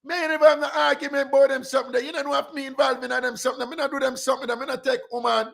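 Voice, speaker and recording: A man's voice: level tone, vocal fry, fairly bright tone, exaggerated voice. A man putting on the voice of an indignant woman arguing, with a Jamaican accent. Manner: shrill, exasperated, rapid retorts.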